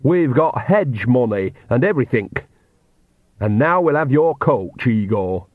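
Guy doing a brisk old village witch lady, rustic talk, dry tinny audio. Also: mid-range voice, expressive, dry recording. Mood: cheerful. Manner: rustic folksy dialect, brisk and bossy. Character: cheerful shrewd old countrywoman witch. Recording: tinny phone-like dry sound.

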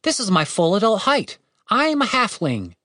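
A man's voice: high voice, huge pitch swings, normal speed, pushed and bright, no echo, clean studio sound, voice pushed up, exaggerated voice. A man voicing a patient, earnest halfling man who speaks in a matter-of-fact way in an audiobook. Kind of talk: audiobook character voice.

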